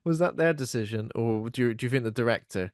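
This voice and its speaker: A man's voice: medium pitch, quick pace, a little mellow, no room sound, clean studio sound. A man co-hosting a podcast in casual chat, rambling and self-mocking, laughing often. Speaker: podcast co-host.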